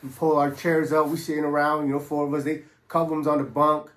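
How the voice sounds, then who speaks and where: A man's voice: a little high, little pitch movement, fast talker, fairly bright tone. A laid-back man telling a prison story in a roomy space. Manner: laid-back, streetwise slang, frequent fillers. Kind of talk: casual storytelling. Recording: roomy echo.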